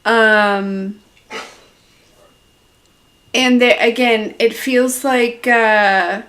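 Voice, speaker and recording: A woman's voice: on the high side, steady tone, very slow, a bit bright. A woman giving a live tarot reading, rambling and hesitant with many fillers. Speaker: tarot reader. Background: dog in the room.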